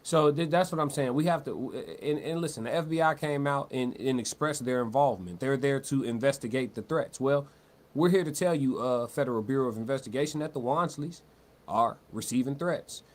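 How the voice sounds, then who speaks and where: A man's voice: mid-range voice, fairly quick. Slangy male livestream commentator, talks loose. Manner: loose, conversational, repeats words and restarts, slangy. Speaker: livestream host. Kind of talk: live-stream commentary, reading chat.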